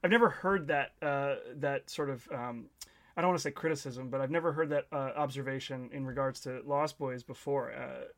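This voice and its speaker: A man's voice: medium pitch, fairly even intonation, fairly quick, a bit bright. A man giving his take on a film in a casual podcast chat, hedging and restarting as he thinks.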